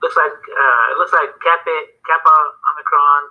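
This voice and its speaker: A man's voice: a little high, fairly even intonation. Hesitant man on a phone line. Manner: hesitant, halting, many fillers. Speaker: student. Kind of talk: casual lesson, answering questions.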